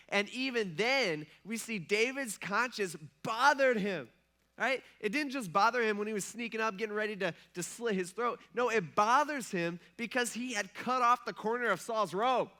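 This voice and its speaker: A man's voice: high-pitched, moderate pace, pushed and bright. A male pastor preaching a sermon in a casual storytelling way, slipping into the characters' voices as he retells the story. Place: church.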